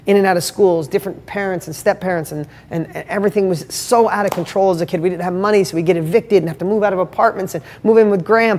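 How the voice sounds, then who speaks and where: A middle-aged man hosts a motivational live stream, talking straight to his listeners. He speaks in an emphatic, heartfelt way and keeps pressing them with rhetorical questions. His voice trails off into a long, reverberant room sound. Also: high-pitched. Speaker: host.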